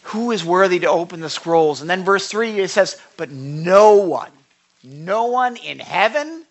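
A man's voice: high voice, expressive, measured pace, muffled recording. A man preaching a sermon to his congregation, conversational and earnest, often checking that listeners follow and rising to passionate emphasis. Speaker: pastor.

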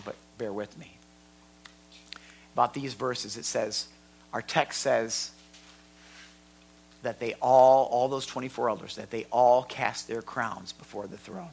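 A man teaching a sermon in a church hall, emphatic and given to repeating words, swinging from quiet to loud. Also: mid-range voice, steady tone, slow pace, creaky, long pauses, slight background noise. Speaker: Bible teacher.

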